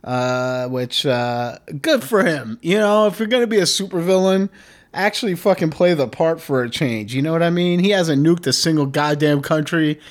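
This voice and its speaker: A man's voice: on the high side, moderate pace. A man hosting a solo comedy podcast, rambling and swearing, drifting nearer and farther from the mic. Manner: profane, rambling, animated; moves closer to and away from the mic. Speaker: podcast host.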